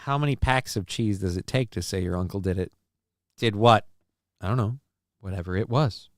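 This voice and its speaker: Man, from the Midwest, livestream host, joking, rambling, smooth tone, dry recording. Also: on the low side, normal speed, dry recording. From American Midwest. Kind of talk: casual livestream commentary.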